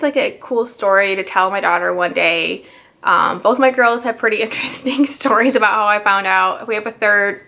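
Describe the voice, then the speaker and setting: A woman's voice: mid-range voice, vocal fry, bright, forceful tone. A young woman telling a personal story in a casual vlog, chatty and full of "like", acting out the other people's lines in her own voice. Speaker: mom vlogger.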